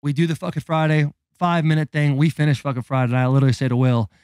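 A man in his thirties, a podcast co-host, telling a story in a casual, animated and profane way with dramatic build-up. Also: on the high side, very fast, smooth, dry recording, studio quality.

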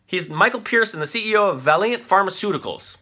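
A man in his late thirties rants through a comedic news commentary. His voice is bright and sits a little high, and his pitch swings widely as he curses and riles up his viewers. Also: brisk. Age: 30s. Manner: animated ranting with profanity. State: on cold medication. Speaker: host.

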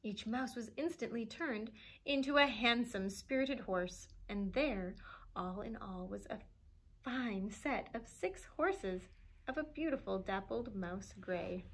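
A woman librarian reading a storybook aloud to children with an expressive, animated delivery. Her voice sits a bit higher than most, and she chuckles over the pictures as she goes. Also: slow.

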